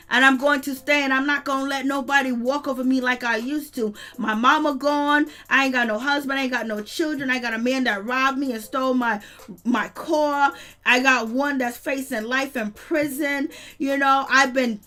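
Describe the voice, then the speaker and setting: A woman with a high, bright voice hosts a casual recap of a reality show. She retells each scene with energy and cheers loudly at the drama. Her speech carries a relaxed, street-flavored manner.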